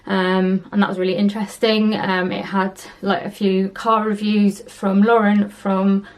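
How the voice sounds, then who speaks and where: A woman's voice: mid-range voice, flat delivery, unhurried. A young woman chatting casually to camera in her vlog, rambling along with plenty of ums and little laughs. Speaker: vlogger.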